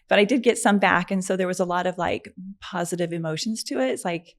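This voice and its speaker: A middle-aged woman, a podcast guest, telling a personal story in a chatty, animated way, with many fillers and frequent laughs. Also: fairly low pitch, fairly quick. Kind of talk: conversational storytelling.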